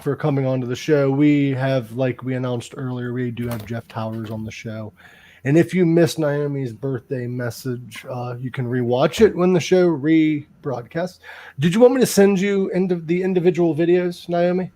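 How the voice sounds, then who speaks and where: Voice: medium pitch, normal speed, mellow. Podcast host, mid voice, jokey and swears a lot, super casual. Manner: joking, swears freely, laughs a lot. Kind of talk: casual chat.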